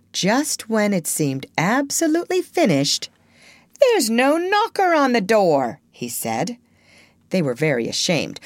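Woman narrating a storybook, unhurried and expressive, close dry sound. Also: lowish voice, dry recording. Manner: measured, expressive reading. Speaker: audiobook reader.

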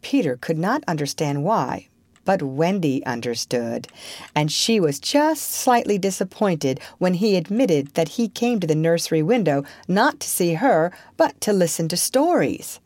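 A woman narrating a storybook in a gentle, expressive way. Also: on the low side, unhurried, dry recording.

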